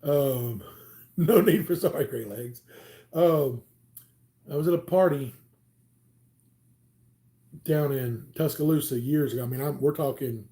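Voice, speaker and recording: This channel host is a man in his forties from Alabama, with a Southern US accent and a dark, mid-range voice. On a livestream he casually tells rambling, chatty stories, peppered with lots of "um"s.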